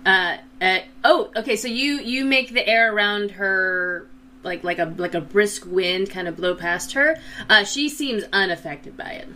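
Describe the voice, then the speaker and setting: A woman narrating as dungeon master, pausing often with fillers. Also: mid-range voice, pushed and bright, slight background noise. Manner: halting, full of fillers. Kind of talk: narrating a tabletop game.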